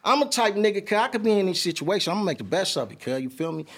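This is a man with a high voice and a quick, tumbling delivery. He tells a story in an interview, leaning on street slang and jumping into voices to act out every line people said. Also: big pitch swings, fairly bright tone. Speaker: interview guest. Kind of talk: animated storytelling.

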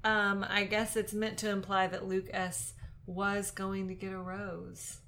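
A woman's voice: medium pitch, little pitch movement, measured pace, fairly bright tone. A woman co-hosting a podcast in casual, jokey chat. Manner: chatty, jokey, laughs often. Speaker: podcast co-host.

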